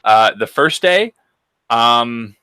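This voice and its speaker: Man, podcast co-host, bright voice, dry close sound, casual storytelling. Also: mid-range voice, lively intonation, drawn-out words, smooth, no room sound. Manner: storytelling, blunt and profane.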